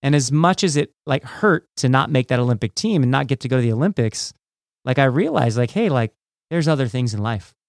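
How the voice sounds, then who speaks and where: A man's voice: medium pitch, expressive, fairly quick, vocal fry, no echo, clean studio sound. A man, a former judo athlete, hosting an interview in a casual way with many fillers. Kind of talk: podcast interview.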